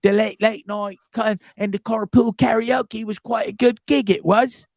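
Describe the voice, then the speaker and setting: A man's voice: high voice, moderate pace, creaky, no room sound, clean studio sound, pitched above the performer's own voice. A man putting on a chirpy upper-crust English talk-show host voice, with an exaggerated plummy lilt. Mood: mocking.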